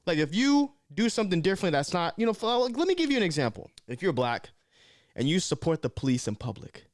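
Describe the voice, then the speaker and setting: A young man from Southern California talking casually to camera, animated and slangy, often saying man and bro. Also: high-pitched, fast, no room sound, studio quality. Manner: animated, slips into mocking voices. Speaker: vlogger.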